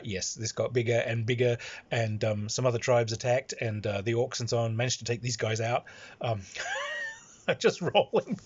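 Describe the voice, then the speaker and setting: A man who is a game master telling a game anecdote in a rambling way, with many fillers and chuckles. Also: mid-range voice. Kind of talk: anecdotal storytelling. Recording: dull lo-fi recording.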